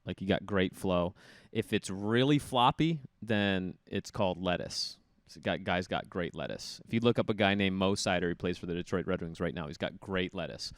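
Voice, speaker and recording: Animated male storyteller, smooth voice. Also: low voice, normal speed, no echo, clean studio sound. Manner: animated storyteller, acts out voices in his anecdotes. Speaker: guest, former college hockey player. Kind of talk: casual storytelling interview.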